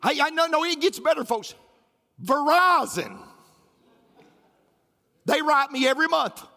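A man's voice: extremely high pitch, animated, measured pace, pushed and bright. A man preaching a sermon as pastor, emphatic and repetitive, with folksy humor. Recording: roomy hall with faint music.

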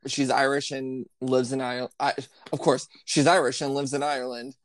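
A man's voice: mid-range voice, flat delivery, a little fast, dry recording, clean studio sound. A man co-hosting a podcast in casual chat, laughing often as he tells a story. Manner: giggly, laughs often while telling a story. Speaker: podcast co-host.

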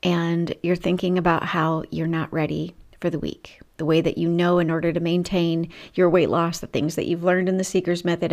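Gravelly-voiced woman coaching with faith. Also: fairly low pitch. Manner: earnest and emotional, with asides and laughs. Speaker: Christian weight loss coach and podcast host. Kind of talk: faith-based coaching talk.

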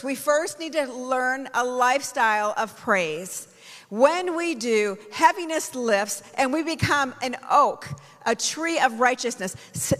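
A woman's voice: a little high, a bit bright. A woman apostle preaching a sermon, telling a personal story and rising into fervent praise. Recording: long hall reverb.

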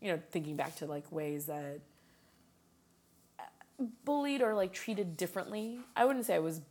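Woman, low voice, animated storyteller, laughs often, casual chat. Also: normal speed. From Chicago.

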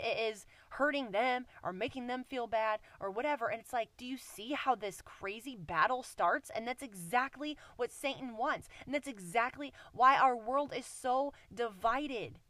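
Earnest, bright-voiced woman giving a devotional. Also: high-pitched, no room sound. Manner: earnest and conversational, addresses listeners as "you guys"; emphatic, repeats phrases for stress. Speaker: Christian speaker. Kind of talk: devotional message closing in prayer.

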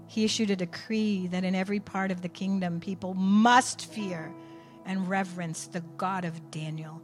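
A woman preaching a sermon, telling a story with animated swings from quiet asides to near shouts. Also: fairly low pitch.

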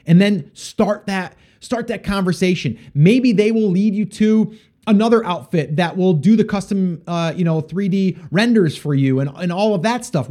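Podcast host, male, high-pitched, casual and rambling with fillers; answers listener questions. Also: a little mellow. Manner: rambling, with frequent fillers and restarts. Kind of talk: casual solo podcast advice.

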